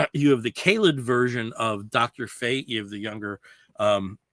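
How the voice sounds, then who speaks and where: A man's voice: medium pitch, moderate pace, fairly bright tone, dry recording. A man hosting a podcast in casual chat, explaining comic books at length with lots of "you know" fillers. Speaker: podcast host.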